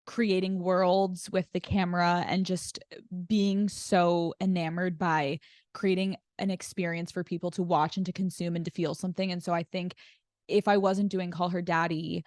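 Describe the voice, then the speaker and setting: A woman chatting as a podcast guest, rattling off stories and slipping into little voices for the people she quotes. Her voice sits a bit low for a woman, and it is recorded close and dry with no room sound at all. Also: moderate pace, no echo. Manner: animated storyteller acting out quotes. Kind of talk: casual chat.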